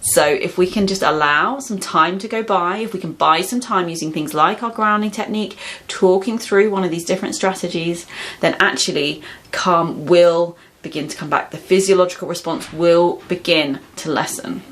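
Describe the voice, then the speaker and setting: A woman explaining calmly and reassuringly how to support someone through a panic attack. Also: fairly low pitch, moderate pace. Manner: calm, reassuring, practical. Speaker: mental health educator. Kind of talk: explaining advice to camera.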